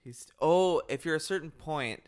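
A man's voice: fairly high pitch, normal speed, clear, resonant tone. A man co-hosting a podcast, talking bluntly and swearing freely. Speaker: podcast co-host. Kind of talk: casual chat.

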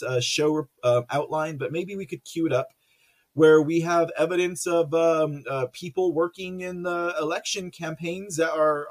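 A talkative male livestream host with a somewhat high voice. He rambles through viewer comments, stumbles over fillers, and breaks into laughter often. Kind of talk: casual livestream commentary reading viewer chat.

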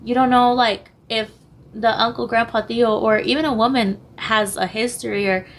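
Hoarse young woman speaking haltingly. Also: fairly high pitch, steady tone. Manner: hesitant, halting, switches languages mid-sentence. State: losing her voice, hoarse. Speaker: podcast guest. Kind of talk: candid personal interview.

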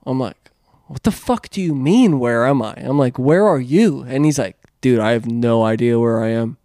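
A man's voice: mid-range voice, moderate pace, mellow, no echo, studio quality. A man telling a rambling story in casual chat, swearing, laughing and acting out what people said. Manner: swearing, laughing, acts out quotes.

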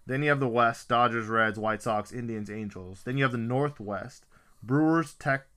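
A man in a casual sports chat who talks excitably, swears freely and rattles off lists of teams. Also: medium pitch, normal speed.

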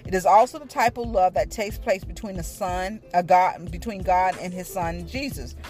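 An older woman, chatting casually about Bible teaching to viewers, playful and animated, often laughing and singing bits of phrases. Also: moderate pace, faint music behind. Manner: animated, with sudden high pitch jumps. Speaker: faith talk host.

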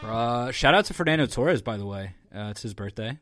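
A man's voice: mid-range voice, lively intonation, a little fast, fairly bright tone. A man co-hosting a casual football podcast, joking in a mock-ranting, swearing way. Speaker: podcast co-host.

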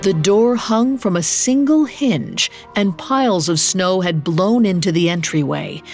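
A woman narrating a scripted story in a measured, steady reading. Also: mid-range voice, faint music behind.

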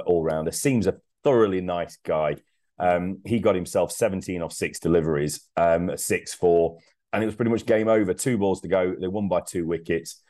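Podcast co-host: man, very low voice, chatty and jokey, laughs a lot. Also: mellow. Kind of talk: casual sports podcast chat.

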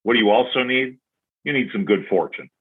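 A man's voice: medium pitch, a little fast, husky. A man, a former hockey player, telling stories in casual chat as a podcast guest and acting out his own past remarks. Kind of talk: casual storytelling. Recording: tinny phone-like sound.

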